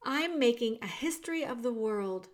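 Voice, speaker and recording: A woman voicing a gentle, kind twelve-year-old princess who speaks politely and graciously. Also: fairly high pitch, animated, normal speed, natural voice. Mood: gracious, patient.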